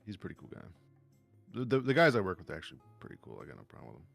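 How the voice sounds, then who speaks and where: Profane, animated man telling stories. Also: low voice, very fast, creaky, no echo, soft background music. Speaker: podcast co-host. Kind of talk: casual storytelling chat.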